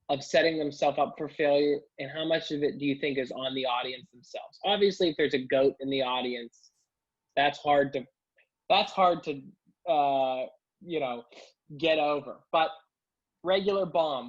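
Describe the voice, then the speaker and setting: A man's voice: fairly high pitch, normal speed, muffled recording. A man hosting a podcast, asking long, rambling questions with many restarts in a casual chat. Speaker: podcast host.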